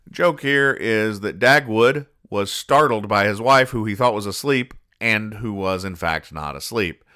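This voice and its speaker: A man hosting a comedy podcast, explaining comic strips in a dry, deadpan, sarcastic way with frequent restarts. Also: lowish voice, a little slow, clear, resonant tone. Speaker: podcast host reading comics.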